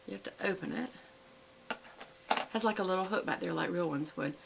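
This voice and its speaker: Gravelly-voiced woman vlogger. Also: fairly low pitch, moderate pace, noisy background. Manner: chatty, rambling, with many fillers and self-corrections. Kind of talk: casual show-and-tell chat.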